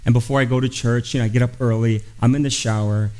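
A man's voice: mid-range voice, fairly even intonation, quick pace, warm tone, rough recording. A middle-aged man preaching a storytelling sermon, with a voice that sits in an ordinary middle register. He speaks earnestly and confessionally, and he brings the people in his story to life by acting out their lines. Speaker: guest pastor.

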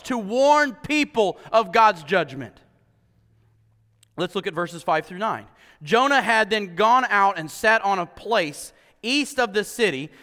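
A male pastor delivers an animated sermon, firing rhetorical questions at his congregation. His voice sits high and bright. It carries with a long echo through a church hall.

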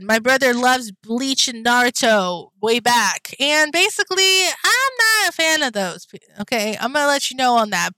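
A young woman chats casually to her viewers, looping through fillers and asides. Her voice sits a little high and sounds bright and forward. The sound is dry and close, with blunt, profane outbursts when she gets worked up. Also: no room sound. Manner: rambling, chatty, full of fillers and asides to viewers. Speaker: vlogger. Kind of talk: casual anime chat.

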